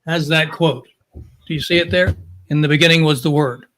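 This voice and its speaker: A man's voice: fairly high pitch, fairly even intonation, normal speed, fairly bright tone. Eager man speaking away from the mic. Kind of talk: casual remarks during a class.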